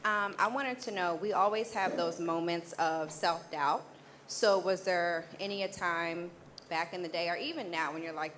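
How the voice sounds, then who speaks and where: A woman in the audience asks a question in a soft, earnest way. Her voice sits on the low side, and faint noise runs underneath. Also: steady tone, moderate pace. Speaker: audience member asking a question.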